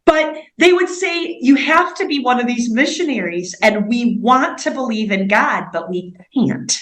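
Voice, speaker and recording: A woman's voice: a little high, measured pace, a bit bright. Forties american woman, earnest, lots of likes and ums, echoey room. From United States. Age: 40s. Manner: earnest, many fillers like "like" and "um". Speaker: missionary guest. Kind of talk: interview conversation.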